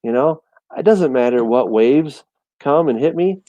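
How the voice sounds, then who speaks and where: A man in a casual Bible discussion, animated and storytelling, often repeating words as he restarts. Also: medium pitch, unhurried, no echo, muffled recording. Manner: animated storytelling, acts out voices and quotes. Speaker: teacher of a Bible study show.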